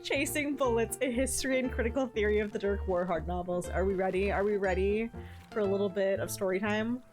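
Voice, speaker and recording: A woman streamer reading a book from a game aloud to her chat, breaking off for playful asides. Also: fairly high pitch.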